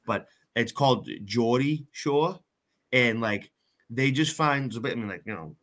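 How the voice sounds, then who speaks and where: A man's voice: mid-range voice, animated, a little slow, fairly bright tone. A man co-hosting a podcast in casual chat, joking, swearing freely and trailing off with fillers. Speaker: podcast co-host.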